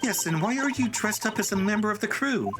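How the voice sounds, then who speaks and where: A man voicing a polite, earnest young woman assistant in a game read-through, in a gentle, excitable falsetto. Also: a little fast. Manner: gentle, excitable, high-pitched. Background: game music.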